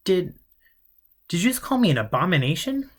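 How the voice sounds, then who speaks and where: A man's voice: mid-range voice, expressive, a little slow, fairly bright tone. A man voicing a nervous, confused young man who stammers anxiously in an audiobook. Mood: frightened.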